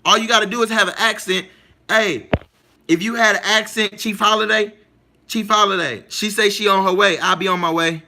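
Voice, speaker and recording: Speaking at normal speed, a man with a high, sharp-toned voice and fairly even intonation hosts a livestream. He runs a casual monologue, repeating himself emphatically and regularly asking whether viewers are keeping up.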